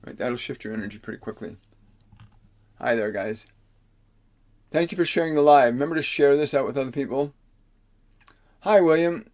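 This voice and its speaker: A man, a spiritual teacher on a livestream, reads out viewer questions and answers with slow, soothing instructions, sometimes slowing into solemn pronouncements. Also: mid-range voice. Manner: slows into solemn, preacher-like pronouncements. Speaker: spiritual teacher giving readings.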